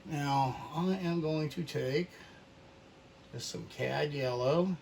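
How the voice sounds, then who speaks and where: A man's voice: fairly high pitch, gravelly, a little mellow, slight background noise. A man leading a paint-along oil painting lesson, talking in an easygoing way as he works, often half to himself. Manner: slow, easygoing, talks to himself while working. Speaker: painting instructor. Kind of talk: relaxed paint-along tutorial.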